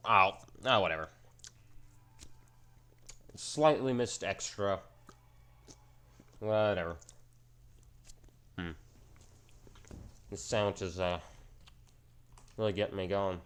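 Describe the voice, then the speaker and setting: A man with a somewhat low voice talks through his game run in a loose, rambling way. He mocks himself now and then and drops casual slang as he goes. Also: slow, pauses often, fairly bright tone, smooth. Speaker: gaming channel host. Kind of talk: casual gameplay commentary.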